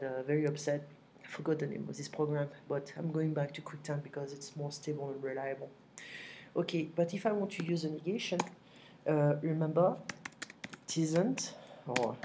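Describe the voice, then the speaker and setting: A woman gives a patient, repetitive online lesson in a low voice. She records at home on her computer microphone, and faint clicks and keyboard typing come through in the background. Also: dark tone, a little hiss or hum. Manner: patient, repeats phrases slowly, frequent "okay?". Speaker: French teacher. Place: home, next to her kitchen.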